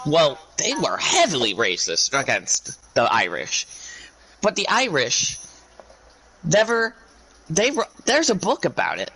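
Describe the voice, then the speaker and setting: A man speaking to his viewers in a rambling monologue, ranting in a halting way with many restarts. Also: a little high, bright, forceful tone, breathy edge, rough recording.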